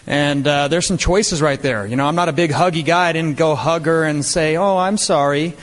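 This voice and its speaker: A middle-aged man giving an earnest, plain-spoken motivational talk, pausing with "uh" now and then. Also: fairly high pitch. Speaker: speaker at a business event. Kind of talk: motivational speech. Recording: reverberant hall with faint crowd.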